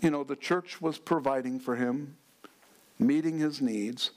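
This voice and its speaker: Slow, earnest male pastor preaching. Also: medium pitch, darkish tone. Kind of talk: sermon.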